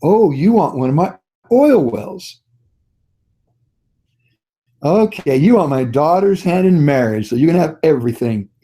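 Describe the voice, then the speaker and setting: A man voicing a boastful old male Texas oil billionaire who announces loudly to his party guests. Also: fairly high pitch, animated, unhurried, long pauses.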